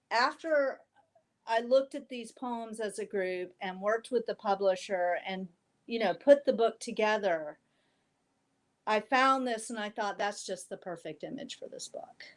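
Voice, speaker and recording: A woman poet from the American South being interviewed, talking thoughtfully with pauses and ums, with a faint Southern trace in her accent. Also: medium pitch. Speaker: poet and author guest. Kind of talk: casual interview conversation.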